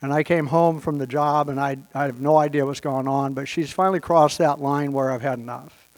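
A man's voice: mid-range voice, steady tone, a little fast. A man telling a long personal story with wry humor, briefly quoting other people as he goes. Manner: wry, anecdotal, quotes people in brief voices. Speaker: speaker sharing his story at a recovery meeting.

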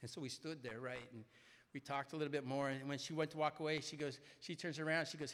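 A man speaking at a recovery meeting, telling a personal story in an animated way and often tagging his sentences with "right?". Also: a little high, fast talker. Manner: animated, keeps asking "right?". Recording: echoey hall reverb.

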